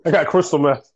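A man's voice: high voice, slightly rough, dry recording, muffled recording. A young man in casual chat who retells stories through lots of quoted back-and-forth, swearing and laughing as he goes.

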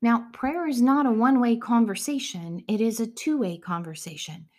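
A middle-aged woman giving a devotional teaching, earnest and often dropping to a hushed whisper. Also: on the high side, moderate pace. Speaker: Christian speaker.

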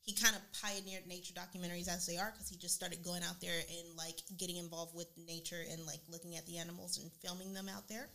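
A woman's voice: lowish voice, level tone, fast, creaky, hardly any pauses, bright, forceful tone. A woman chatting casually on a podcast, slangy and enthusiastic, full of "like". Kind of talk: casual chat.

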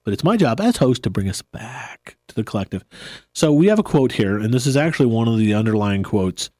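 A man hosting a podcast in a relaxed, rambling chat, often laughing. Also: mid-range voice, brisk, dry recording, studio quality. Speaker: podcast host. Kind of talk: casual chat.

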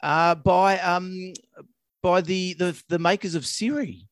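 Easygoing Australian man, slightly high voice. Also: takes it slowly, dry recording. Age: middle-aged. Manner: relaxed, laughs often, says mate. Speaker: podcast co-host, vet. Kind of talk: casual chat.

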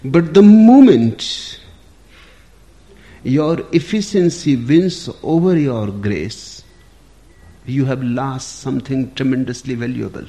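A man giving a spiritual discourse in a measured, deliberate storytelling manner. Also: medium pitch, mellow. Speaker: spiritual teacher.

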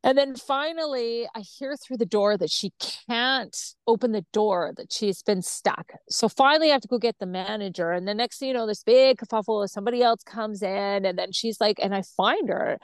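The same outspoken guest, mid-range in pitch, keeps her personal story moving at a moderate pace with few pauses. She mimics the people involved and swears freely. Her tone is clean and the room has no echo.

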